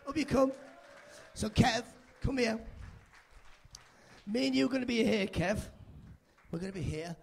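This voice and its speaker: A man's voice: extremely high pitch, lively intonation, measured pace, vocal fry, pauses often, breathy edge. A man doing live stand-up on a club stage, teasing the crowd in chatty, playful banter into a handheld mic. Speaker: stand-up comedian.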